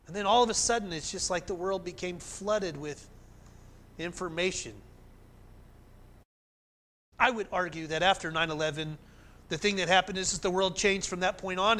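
A male pastor preaching a sermon in an animated way, climbing to emphatic peaks and then dropping soft. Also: sits high.

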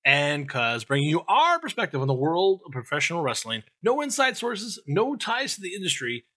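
A man's voice: on the high side, huge pitch swings, normal speed, pushed and bright. A man hosting a podcast, reading the intro and chatting in an upbeat way. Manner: upbeat, reads the show intro. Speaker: podcast host. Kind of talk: casual podcast chat.

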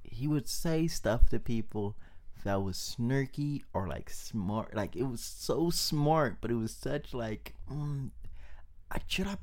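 A man's voice: medium pitch, lively intonation, slow pace, a little mellow. A young man, a comedian guest on a podcast, telling family stories in casual chat, laughing often and acting out the people he quotes.

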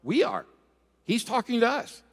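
A man preaching a sermon as pastor, lively and joking, calling for responses from the congregation. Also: extremely high pitch, measured pace. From Rhode Island and Florida. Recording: long hall reverb.

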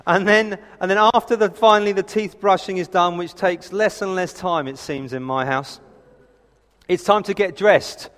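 A man's voice: sits high, moderate pace, fairly bright tone. A man in his thirties preaching a sermon, telling family stories in a chatty, self-deprecating way. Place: church hall. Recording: reverberant hall.

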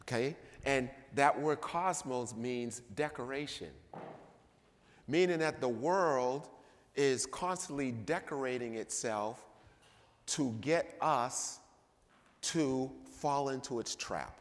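Male preacher, slow emphatic sermon delivery with sudden loud peaks, recorded in a reverberant church. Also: mid-range voice. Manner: emphatic, swings between loud and quiet. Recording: long reverb of a church hall.

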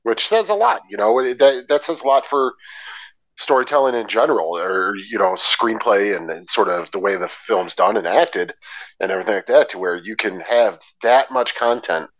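Low-voiced guy on a movie podcast, swings up and down a lot, laid back and swears. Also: expressive, moderate pace, a bit bright, lo-fi sound. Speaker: podcast co-host. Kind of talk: casual film discussion.

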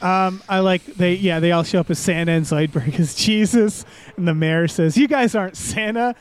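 Man, high voice, smooth and clear, enthusiastic, casual podcast co-host. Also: fairly even intonation, moderate pace. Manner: enthusiastic, laughs often, reads quoted gags. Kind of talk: casual chat.

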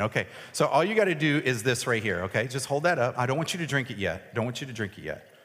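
Casual pastor in a reverberant hall. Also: male voice, medium pitch, big pitch swings, fast, fairly bright tone. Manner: casual, self-deprecating, joking with volunteers. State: voice cracking. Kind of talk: sermon with a live object lesson. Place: large hall with an audience.

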